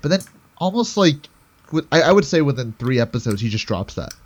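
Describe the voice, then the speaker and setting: Casual male co-host, mid pitch, dry and jokey, a bit hesitant. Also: big pitch swings, brisk. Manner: hesitant, dry jokey asides, laughs at his own remarks. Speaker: co-host discussing a TV show. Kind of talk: casual chat.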